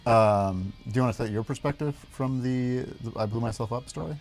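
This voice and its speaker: A man's voice: mid-range voice, a little fast, darkish tone, soft background music. A man in his thirties hosting a livestream, telling family stories in a laid-back way with frequent chuckles. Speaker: livestream host. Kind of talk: casual storytelling on a livestream.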